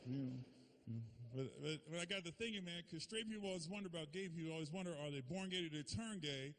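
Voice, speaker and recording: A man doing stand-up in a club, his voice set fairly high for a man. He talks in a loose, rambling way and keeps dropping in "man" and "you know," with faint noise behind him. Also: quick pace, a bit bright. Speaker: stand-up comedian. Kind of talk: stand-up comedy routine. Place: comedy club stage.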